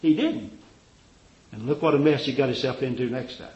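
A man preaching a fervent sermon, swinging from loud cries to low murmurs and acting out the voices of figures he quotes. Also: fairly even intonation, quick pace. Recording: echoey, dull lo-fi recording.

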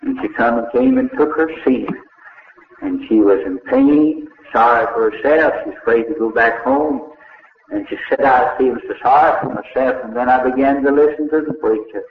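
Preacher telling a story, echoey old recording. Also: male voice, mid-range voice, slight background noise. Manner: slow, dramatic storytelling with quoted voices. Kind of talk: sermon storytelling. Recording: echoey hall over a tinny, lo-fi line.

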